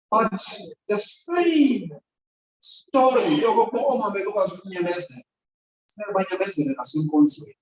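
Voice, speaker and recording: A woman holds an informal, sermon-style talk, regularly checking in with the congregation. She sounds distant from the microphone in a reverberant church, with a slightly muffled recording and a faint background hiss. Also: mid-range voice. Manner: chatty, keeps quizzing the congregation. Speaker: church speaker. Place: church hall.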